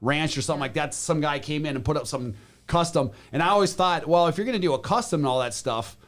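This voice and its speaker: A man from Wisconsin who sells real estate, chatting casually on a panel, animated and joking, often restarting his sentences. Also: on the high side, fast talker, soft background music.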